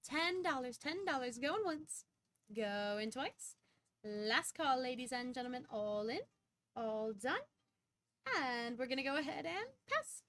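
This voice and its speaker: Running a live-streamed coin auction, a high-voiced young woman fires off prices and counts down bids in quick auctioneer style, now and then erupting with excitement.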